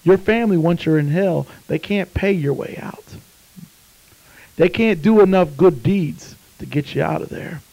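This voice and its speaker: A man delivers a sermon in a high voice. He drops to a hush while telling a story, then climbs to fervent shouts. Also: unhurried, vocal fry, poor audio. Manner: impassioned, swings from hushed to shouting. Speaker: preacher.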